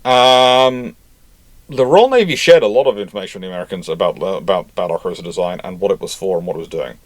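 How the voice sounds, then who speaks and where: A man's voice: low voice, lively intonation, fast, no room sound. A man hosting a history channel, chatting casually and correcting himself as he reads out viewer comments. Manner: rambling, self-correcting, chatty.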